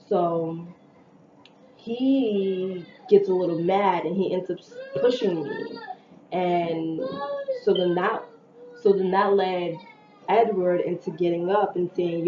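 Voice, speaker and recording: A young woman casually retelling a personal story to her viewers, chatty and animated, with slang and quoted dialogue. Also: fairly low pitch, takes it slowly. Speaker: vlogger telling a story. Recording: echoey, dull lo-fi room with faint noise.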